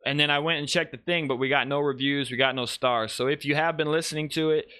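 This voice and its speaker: Bright-voiced man hosting a casual podcast. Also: a little high, fairly even intonation, fast, clear, resonant tone, dry recording, studio quality. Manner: rambling, self-correcting, greets chat viewers. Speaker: podcast host. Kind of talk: casual live-stream podcast talk.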